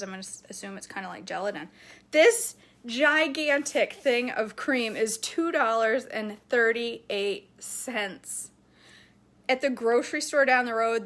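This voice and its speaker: Showing off a grocery haul, a woman in her forties chats casually, wandering through asides and laughing readily. She has a medium-pitched, slightly bright voice.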